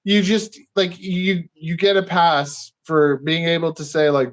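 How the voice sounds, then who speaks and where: A man talks loosely as a guest on a podcast. His voice sits high, and he rambles from point to point, laughing often and slipping into quick impressions of what people said. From Canada. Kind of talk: casual chat.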